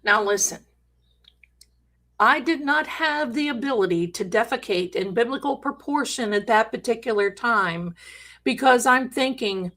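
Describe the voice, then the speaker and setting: Slow-talking chatty woman host. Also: fairly high pitch, lively intonation, a bit bright. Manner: chatty, dramatic, jokey asides, many restarts. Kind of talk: animated storytelling on a live stream.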